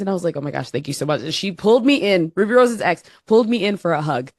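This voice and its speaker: A woman co-hosting a podcast, telling stories in a casual, animated way with lots of fillers. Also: lowish voice, quick pace, few pauses, dry recording, clean studio sound. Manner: animated storyteller, laughing, many fillers. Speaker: podcast co-host. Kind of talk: casual chat.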